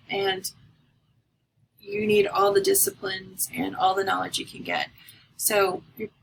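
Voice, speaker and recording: Gravelly-voiced woman lecturing casually. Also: a little high, a bit bright, slight background noise, low-quality recording. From North America. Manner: chatty, discursive, with many fillers. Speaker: college instructor. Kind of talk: recorded lecture.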